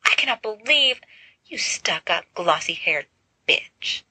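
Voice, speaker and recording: A woman plays a petulant teenage girl in a storybook audio reading, shrill and dramatic. The tone is bright and the sound is dry and close. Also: lively intonation, a little slow, breathy edge, dry recording, heavily acted, low-quality recording. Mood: outraged. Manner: sniffling, shrieking outrage.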